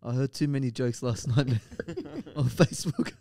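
A man's voice: medium pitch, moderate pace, gravelly, dark tone. A man hosting a casual football chat, upbeat and steering the talk among friends. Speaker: podcast host. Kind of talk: casual banter.

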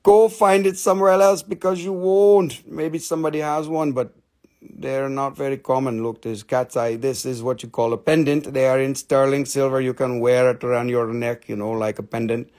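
A man's voice: medium pitch, fairly even intonation, moderate pace, darkish tone. A man hosting a live stream that sells crystals and minerals, with rambling, joking, playfully crude sales patter. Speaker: host selling crystals and minerals.

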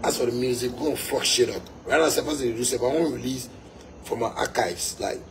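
A man's voice: medium pitch, fast talker, background noise. A young Ghanaian man, a musician, delivering a fiery, emphatic monologue to his fans, repeating his points and slipping into pidgin.

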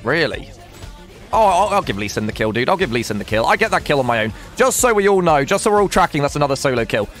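A man's voice: fairly high pitch, very animated, quick pace, fairly bright tone, soft background music. A young man streaming a video game, commentating casually, swearing and laughing as he talks to chat and teammates.

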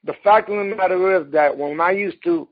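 A man from New York City hosting a casual interview, eager and quick to jump in, often repeating words as he gets going. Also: high-pitched, narrow, tinny audio. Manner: enthusiastic, repeats words as he starts his sentences. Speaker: host.

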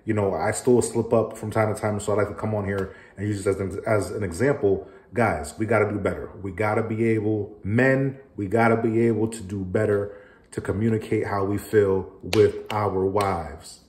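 A man's voice: fairly low pitch, a little mellow, reverberant. A man coaching on relationships, talking earnestly to a phone camera in a casual monologue, often repeating his words as he goes. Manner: earnest, repeats words, acts out quarrels in raised voice.

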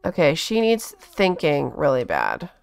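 A woman giving casual let's-play commentary, chatty and bossing her game characters around with quick exclamations. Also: low voice, huge pitch swings, creaky. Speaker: gaming channel host.

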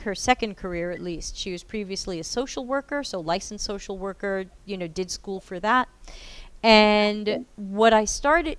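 A woman hosting a podcast, talking about mentoring in an earnest, heartfelt and expressive way. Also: mid-range voice, clean tone, dry recording. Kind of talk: casual podcast conversation.

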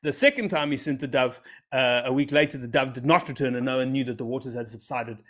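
A man's voice: mid-range voice, a little fast, fairly bright tone. A man, telling a scripture story as a comedy routine with self-amused, rambling asides. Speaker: comic storyteller.

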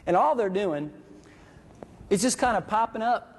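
A man and military veteran telling a story to an audience, animated and acting out dialogue and sound effects. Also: high-pitched, unhurried, breathy edge. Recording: long reverb from a hall.

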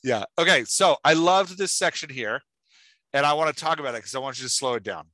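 Host: man, bright and forceful tone, dry close sound, talking enthusiastically and casually with plenty of "like". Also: mid-range voice, animated, fairly quick, no room sound. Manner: enthusiastic, chatty, lots of "like". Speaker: podcast host giving writing feedback. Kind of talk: casual chat.

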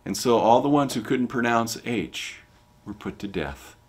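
A male pastor delivering a sermon in a church. His mid-range voice drops low and quiet, then rises loud and forceful when he acts out the scripture story. The delivery is dramatic and animated. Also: a little slow.

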